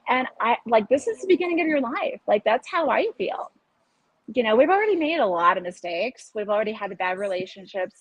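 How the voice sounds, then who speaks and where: Casting: woman, 50s, higher voice, a bit husky, upbeat and animated, interview guest. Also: low-quality recording. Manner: animated, upbeat, laughs often. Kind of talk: casual interview talk. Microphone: video call.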